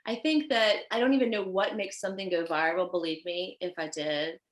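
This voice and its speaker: A woman with a Haitian accent, a fashion designer guest telling stories in an animated, chatty way. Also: lowish voice, fairly quick. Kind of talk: casual chat. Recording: roomy echo.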